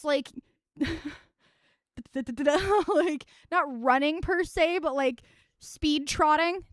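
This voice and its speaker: A woman's voice: high-pitched, no echo, clean studio sound. A young woman streaming live, chatting casually and wryly about films, rambling and swearing freely. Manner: rambling, profane and wry.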